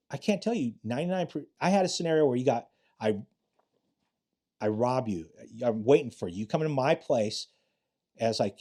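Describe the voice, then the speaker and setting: Blunt, profane middle-aged man with a mellow voice. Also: medium pitch. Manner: blunt and profane, acts out quotes in other voices. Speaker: retired homicide detective, podcast guest. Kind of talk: casual storytelling interview.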